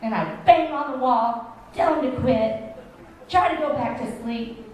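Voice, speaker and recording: At a church hall story time, a woman with a high, darkish voice unhurriedly tells a funny tale, gasping and laughing as she acts out how she reacted. She is captured from a distance in the echoey hall, with room noise around her.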